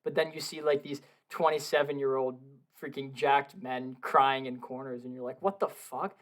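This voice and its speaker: A young man chatting casually on a podcast from his home basement, excitable, swearing a lot and laughing often. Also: medium pitch, moderate pace. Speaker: podcast co-host. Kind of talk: casual film review chat.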